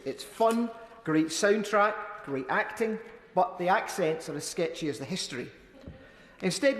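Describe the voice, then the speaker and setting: Man speaking in an echoing debating chamber. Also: high voice. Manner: wry, measured oratory. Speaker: member of parliament. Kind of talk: parliamentary debate speech. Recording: echoey chamber, long reverb.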